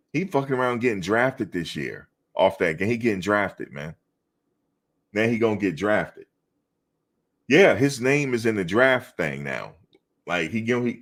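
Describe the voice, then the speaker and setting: A middle-aged man hosting a casual live sports chat, bantering with viewers in an animated, slangy, repetitive way. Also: on the low side. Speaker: live show host reading chat.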